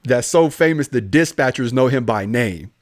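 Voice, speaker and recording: A man's voice: mid-range voice, normal speed, no room sound, clean studio sound. A young adult man hosting a podcast, telling stories casually and animatedly, acting out the voices of other people. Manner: animated storyteller, acts out voices, laughs often.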